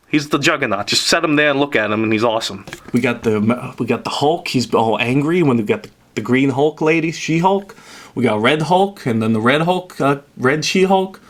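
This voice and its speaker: A man's voice: mid-range voice, normal speed, a bit bright. A man giving a casual, rambling tour of his collection at home, joking often and filling gaps with "uh" and "we got.". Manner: rambling and jokey, lots of "uh" and "we got". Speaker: vlogger showing his toy collection.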